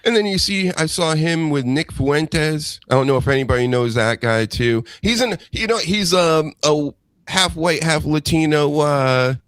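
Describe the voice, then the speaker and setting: A man co-hosting a podcast, chatting casually in an animated, rambling way and laughing easily. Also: a little high, unhurried, dry recording. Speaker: podcast co-host. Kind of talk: casual chat.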